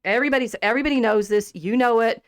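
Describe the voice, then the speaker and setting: A woman hosting a podcast in a casual discussion about literature. She talks in an animated way, laughs often and restarts her sentences. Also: a little high, fast talker, no room sound, clean studio sound. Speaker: podcast host.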